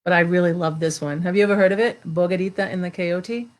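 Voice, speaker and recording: Woman host, slightly low-pitched, chatty live read-aloud storyteller, greets viewers and reads expressively. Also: steady tone, fast talker. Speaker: storyteller hosting a live reading. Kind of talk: casual live-stream chat and read-aloud.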